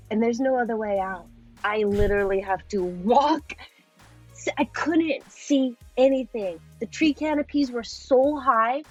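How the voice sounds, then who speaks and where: A young woman in her twenties, a podcast guest telling a story in a casual, animated way with frequent laughs. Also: on the high side, rough recording. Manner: animated, laughing often, swearing.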